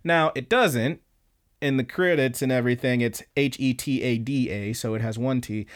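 A young man hosting a podcast, casually recapping an anime in an animated way, swearing freely. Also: medium pitch, normal speed. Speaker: podcast host.

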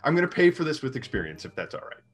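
A man's voice: on the high side, very animated, racing, faint music behind. A man improvising a pushy male carnival hustler who rambles and sets fussy rules. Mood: wheedling. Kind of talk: improvised comedy role-play.

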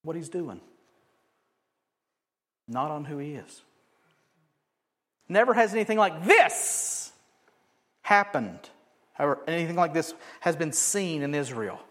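A man preaching a sermon, animated, swinging from loud emphatic bursts to quiet joking asides. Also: fairly high pitch, slow pace, pauses often. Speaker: pastor.

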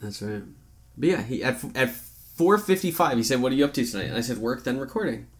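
A man's voice: medium pitch, a little fast. A young man co-hosting a podcast, joking and swearing through a casual chat and telling stories with put-on voices. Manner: profane, joking, animated storytelling. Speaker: podcast co-host.

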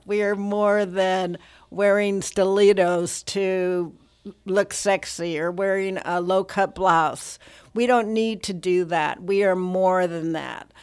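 A woman guest in a radio studio, speaking earnestly and reading a poem aloud in a measured way. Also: medium pitch, smooth. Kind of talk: poetry reading and casual radio talk.

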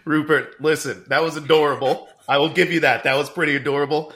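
A man's voice: a little high, fairly even intonation, fast, fairly bright tone. A man playing a brusque male agency boss who recruits a new agent, in an improvised comedy skit. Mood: teasing. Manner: bossy, teasing, playful.

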